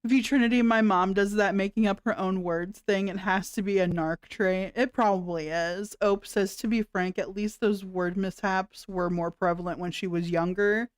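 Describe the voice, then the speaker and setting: A woman's voice: medium pitch, fairly even intonation, moderate pace, hardly any pauses, smooth, dry recording, studio quality. A woman hosting a livestream, giving sarcastic reaction commentary with frequent laughs and swearing.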